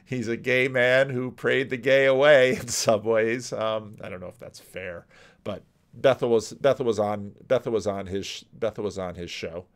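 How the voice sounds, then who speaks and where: A man commenting casually on a clip, halting and repeating words as he thinks. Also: mid-range voice. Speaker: podcast host commenting on a clip.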